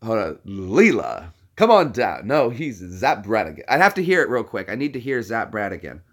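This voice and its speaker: A male streamer talks casually and rambles through a live session. His pitch leaps around constantly, and he keeps dropping bits of character voices into his sentences. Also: big pitch swings, moderate pace, a bit bright. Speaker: streamer doing voice impressions.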